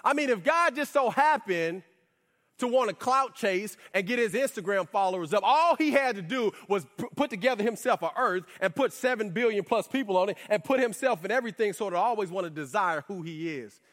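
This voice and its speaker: A man preaching a sermon in a lively, conversational way with casual slang asides. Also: sits high, fairly quick. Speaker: pastor. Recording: reverberant hall.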